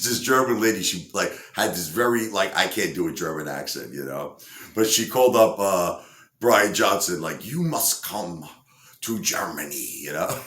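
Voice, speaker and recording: A man's voice: sits low, bright, forceful tone, reverberant. A man casually telling a story with lots of fillers, acting out quotes in other voices. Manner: rambling, many fillers, acts out quotes. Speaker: entertainer storyteller.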